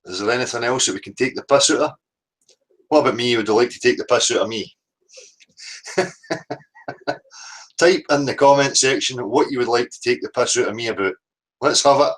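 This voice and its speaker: A man hosting a phone-in show, chatting in a relaxed way with frequent "you know"s. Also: mid-range voice, brisk, pauses often, rough recording. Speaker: host. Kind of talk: casual phone-in chat.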